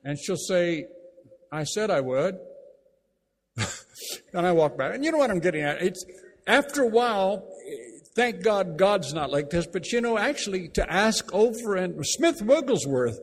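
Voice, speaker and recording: A man preaching a sermon, emphatic, repeating key phrases and slowing down to read scripture aloud. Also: sits high, very animated. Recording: long reverb of a large hall.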